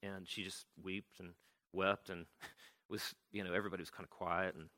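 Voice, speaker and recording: A man's voice: low voice, flat delivery, normal speed, bright, forceful tone. A man retelling a story to an audience in a loose, chatty way, full of fillers and restarts. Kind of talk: conversational storytelling talk.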